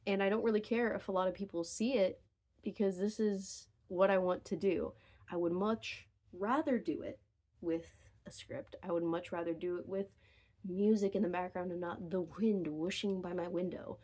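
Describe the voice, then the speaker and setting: A woman's voice: lowish voice, steady tone, normal speed, a little mellow. A young woman talks straight into her phone from her bedroom in an unscripted, rambling rant. She interrupts herself often and drifts into wry asides before pulling back on track. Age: young adult. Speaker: vlogger. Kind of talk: unscripted casual rant to camera. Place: bedroom at home. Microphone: phone camera.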